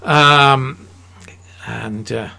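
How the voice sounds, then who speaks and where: Male history talker, gravelly and slow-paced, loose and emphatic, restarts a lot. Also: medium pitch, steady tone, pushed and bright. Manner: rambling, emphatic, with many fillers and restarts. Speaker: history lecturer. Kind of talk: unscripted history talk.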